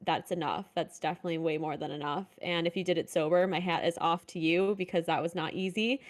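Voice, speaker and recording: A woman's voice: mid-range voice, smooth. A woman co-hosting a podcast, giving earnest, encouraging advice in a casual chat. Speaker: podcast co-host.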